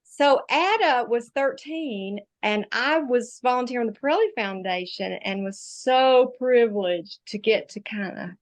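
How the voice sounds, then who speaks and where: A woman co-hosting a live video-call show, gushing warmly and laughing often. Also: a little high, measured pace, few pauses. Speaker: co-host. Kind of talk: casual Zoom talk show chat.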